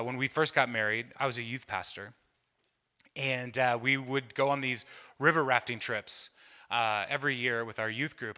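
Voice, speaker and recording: A middle-aged man doing stand-up, telling a chatty, self-mocking story that builds to loud bursts. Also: mid-range voice. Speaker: stand-up comedian. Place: church hall. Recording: live room with long reverb.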